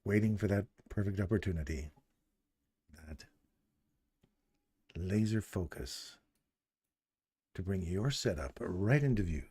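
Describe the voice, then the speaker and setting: A man voicing a calm male hypnotist in a whispered role-play, soft, gentle and slow. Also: low voice, slightly rough, no room sound, heavily acted. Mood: soothing. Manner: slow, lulling, drawn-out phrasing. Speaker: livestream host.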